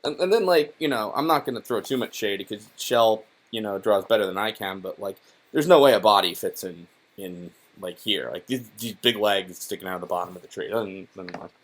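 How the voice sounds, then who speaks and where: A man's voice: on the low side, brisk. Sarcastic, rambling young man. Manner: irreverent, profane, rambling with many fillers. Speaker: YouTuber reviewing a children's book. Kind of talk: casual sarcastic commentary.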